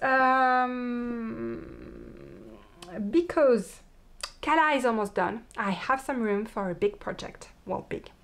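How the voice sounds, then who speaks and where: A French-accented woman with a slightly high voice chats casually as the host of a knitting podcast. She talks in a friendly, rambling way and often stops to restart or fix a word mid-sentence. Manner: chatty, restarts words and corrects herself. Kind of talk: casual chat.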